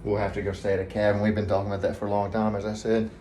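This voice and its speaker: A man with a Southern US accent, talking quietly and rambling in a casual vlog from a hotel room. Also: fairly low pitch, level tone, racing, a little hiss or hum. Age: adult, family man with kids. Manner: rambling, hushed so neighbors won't hear. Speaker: vlogger, trucking trainee.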